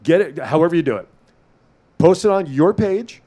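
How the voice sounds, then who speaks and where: A man's voice: a little high, normal speed. A man hosting a talk show, joking with his guest and taking calls. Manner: joking, animated, takes callers. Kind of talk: casual radio talk show banter.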